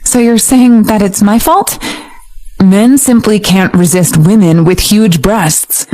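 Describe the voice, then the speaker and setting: A woman's voice: medium pitch, slow, dark tone, dry recording, natural voice. A woman voicing a blunt, impatient injured young man in a romance audiobook. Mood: curt. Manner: curt, matter-of-fact.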